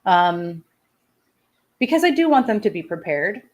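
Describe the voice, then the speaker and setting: A woman's voice: medium pitch, big pitch swings, a little slow, lo-fi sound. A woman in her thirties hosting a live show, chatting casually with viewers, laughing often and making self-deprecating asides. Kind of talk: casual personal chat.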